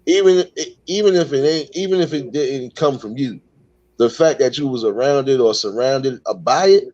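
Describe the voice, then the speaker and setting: A man's voice: medium pitch, a little mellow. A man hosting a casual online panel, mulling points over in long, reflective stretches. His voice comes through dull and lo-fi, with a dry, close sound and no room echo. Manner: reflective, drawn-out talk with many fillers.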